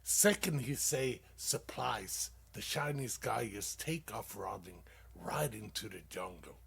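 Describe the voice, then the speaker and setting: Hosting a comedy show, a man tells stand-up dad jokes in a halting, casual, profane style, packed with fillers and loud laughter at his own punchlines. His voice sits on the low side and sounds animated, creaky, and husky.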